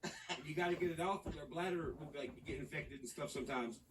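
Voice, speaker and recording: A man from Nashville, talking in a casual podcast chat, animated, profane and rambling. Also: fairly high pitch, fast, recorded from a distance, noisy background. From Nashville, Tennessee. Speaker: podcast guest.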